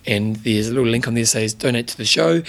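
A man's voice: mid-range voice, fast talker, a bit bright. A man co-hosting a podcast, chatting casually and laughing often. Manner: laughs often, jokey banter. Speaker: podcast co-host. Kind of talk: casual chat.

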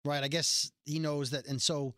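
A man's voice: a little high, level tone, moderate pace, sharp tone, no room sound, studio quality. A man co-hosting a casual chat, recapping a story at length and acting out the characters' lines as he goes. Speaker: podcast co-host recapping a TV episode.

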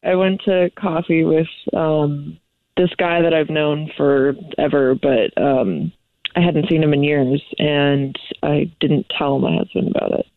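A woman's voice: deep voice, steady tone, measured pace, dry recording. A woman calling a radio show, hesitant and embarrassed, giggling between words. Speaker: caller. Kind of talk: phone call on radio show. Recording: tinny phone line.

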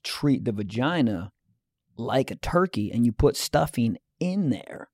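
A man's voice: medium pitch, very animated, a little slow, darkish tone, no echo, studio quality. A young man co-hosting a comedy podcast, riffing in a brash, profane way. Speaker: podcast co-host. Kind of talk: crude comedy podcast banter.

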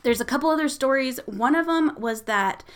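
A woman's voice: high voice, lively intonation, moderate pace, clear, resonant tone. A woman hosting a podcast, casually telling a haunting story, swearing and laughing as she goes. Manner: irreverent, swears freely, laughs often. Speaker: podcast host.

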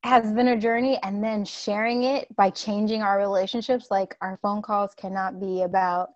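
A woman's voice: medium pitch, little pitch movement, normal speed, no room sound, dull audio. Gushing, emotional woman host. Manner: gushing, tearful, swears casually. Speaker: money coach and podcast host. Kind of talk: emotional conversational interview.

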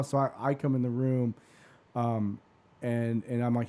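A podcast host in his forties with a warm, mellow tone and a voice of ordinary pitch. He rambles through a personal story in casual chat, restarting his sentences and dropping curse words without a second thought. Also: moderate pace. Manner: rambling, swears freely.

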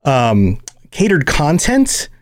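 A man's voice: on the high side, huge pitch swings, slow. A man from the United States hosting a podcast, chatty and laughing a lot in casual interview talk. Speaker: podcast host.

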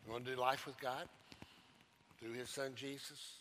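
A male pastor preaching a sermon, emphatic and repetitive, swinging from loud declarations to hushed low phrases. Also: level tone, normal speed, pauses often, a little hiss or hum.

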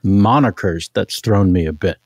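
Improv performer: man, mid pitch, gravelly, dry close sound, deadpan. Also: moderate pace, no echo. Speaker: comedy improviser. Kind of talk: improv comedy sketch.

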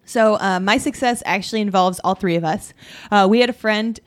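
A woman's voice: medium pitch, a little fast. A young woman chatting casually and laid-back, with lots of fillers and swearing. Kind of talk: casual chat.

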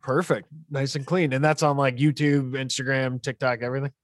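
Man, podcast co-host, relaxed, brief reactions, mid pitch, dry sound. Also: fairly quick, dry recording. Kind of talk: casual podcast chat.

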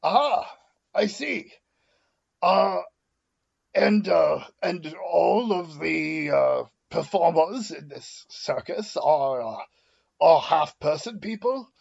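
A husky, polite tabletop player in character. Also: mid-range voice, expressive, slow, darkish tone, lo-fi sound. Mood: puzzled. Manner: stiff, polite, formal speech with hesitant fillers. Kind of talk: in-character tabletop role-play.

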